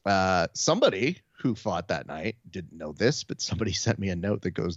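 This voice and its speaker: Low-voiced man in casual profane banter. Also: sing-song, a little fast, few pauses, dry recording, muffled recording. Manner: loose, profane storytelling with quoted voices. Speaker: podcast co-host. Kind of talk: casual chat.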